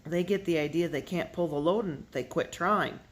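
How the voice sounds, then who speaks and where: A reader voicing a steady, matter-of-fact farm father who gives calm, fatherly advice in an audiobook reading. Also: mid-range voice, normal speed, lightly acted.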